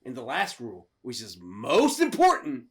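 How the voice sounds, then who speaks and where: Animated man recapping a movie, cursing. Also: mid-range voice, moderate pace. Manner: profane, excitable, shouts impressions of characters. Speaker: podcast co-host.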